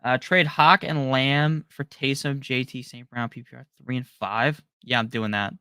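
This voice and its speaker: A man hosting a live stream, casually reading out viewer questions and firing back quick, offhand answers with slang. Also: medium pitch, fairly even intonation, bright, forceful tone, clear, resonant tone, no room sound, studio quality. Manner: rapid-fire, offhand answers with slang and the odd curse. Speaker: fantasy football live-stream host.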